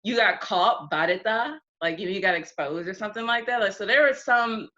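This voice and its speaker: Young woman guest, chatty storyteller who acts out quotes, bright voice, dull video-call sound. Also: medium pitch, moderate pace. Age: 20s. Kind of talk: casual interview chat.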